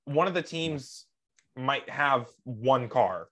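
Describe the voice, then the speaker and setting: A podcast co-host in loose, casual chat. The voice swings widely in pitch, lively and animated, often trailing off mid-thought or laughing. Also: slow pace.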